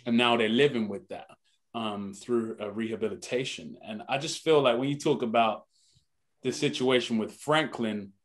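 A man's voice: mid-range voice, moderate pace. A young man, a guest on a radio morning show, talking earnestly and animatedly, often saying "man". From United Kingdom. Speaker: actor guest. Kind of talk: casual radio interview. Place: radio studio.

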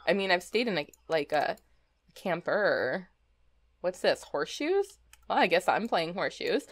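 A young woman casually commenting on her gameplay, chatty and easily delighted, laughing often. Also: mid-range voice. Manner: chatty, giggly, exclaims at small things. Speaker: let's play host.

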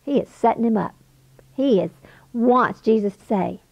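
A woman's voice: mid-range voice, expressive, normal speed, vocal fry, a little mellow, no room sound. A woman giving an earnest, emphatic Bible study lecture to a women's group. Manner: earnest, emphatic teaching with occasional laughs. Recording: dull lo-fi dry recording.

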